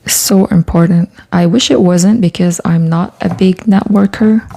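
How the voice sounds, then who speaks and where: A woman's voice: fairly low pitch, a little slow, creaky. A woman chatting casually on a live stream while crafting in her studio, greeting viewers by name and often dropping into a whisper. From Quebec, Canada. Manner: soft-spoken, often drops to a whisper while working. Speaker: artist livestreaming from her studio. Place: home art studio.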